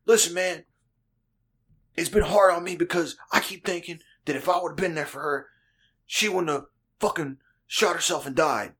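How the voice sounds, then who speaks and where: A man's voice: on the high side, moderate pace, a bit bright, slightly rough, voice pushed up. A man voicing an earnest young male friend who is solemnly confessing guilt in a self-absorbed way.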